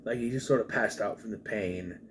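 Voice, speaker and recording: A man's voice: fairly low pitch, fairly quick, a little hiss or hum. A man giving a casual, rambling spoken film review, with frequent restarts and asides. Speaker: movie reviewer.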